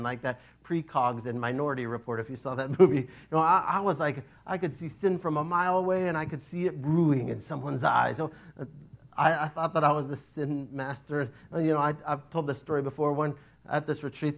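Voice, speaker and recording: A man preaching a sermon, telling stories in an animated, self-mocking way. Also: fairly high pitch.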